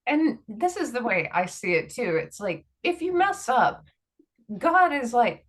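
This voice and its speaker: A woman's voice: fairly high pitch, sing-song, measured pace. A woman hosting a spiritual podcast, chatty and often laughing as she talks. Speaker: podcast host. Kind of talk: casual spiritual chat.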